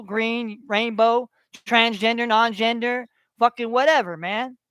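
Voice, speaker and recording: A man's voice: very high-pitched, fairly bright tone, clear, resonant tone, dry recording. Furious man ranting with heavy profanity. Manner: heated, profane, repetitive tirade. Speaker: online ranter. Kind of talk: angry profane rant.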